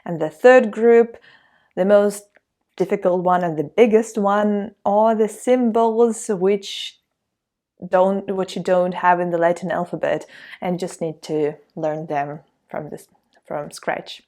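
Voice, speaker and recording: A woman's voice: lowish voice, fairly even intonation, warm tone. A woman from Russia with a Russian accent, teaching a language lesson in a patient, encouraging way. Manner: patient, encouraging, reads words slowly for repetition.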